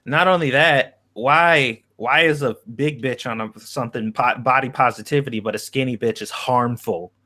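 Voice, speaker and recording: Male co-host, mid pitch, casual, crude and blunt. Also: normal speed, few pauses, sharp tone. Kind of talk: casual livestream chat.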